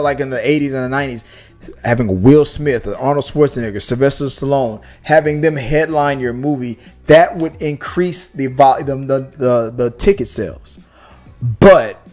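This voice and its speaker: A man's voice: on the high side, a little mellow. A man co-hosting a casual live-stream movie talk show, making his points with emphatic rhetorical questions. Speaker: podcast co-host.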